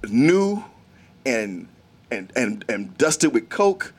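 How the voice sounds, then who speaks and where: A man's voice: medium pitch, sing-song, very slow. A man co-hosting a casual movie talk, easygoing and chuckling, sometimes quoting characters. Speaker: movie review podcast co-host. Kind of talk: casual chat.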